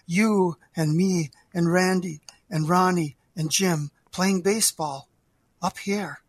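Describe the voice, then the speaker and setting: A man's voice: sits high, slow, breathy edge, dry recording, full character voice. A man playing a stooped old man who giggles and repeats himself, eager and childlike. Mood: wistful. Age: older.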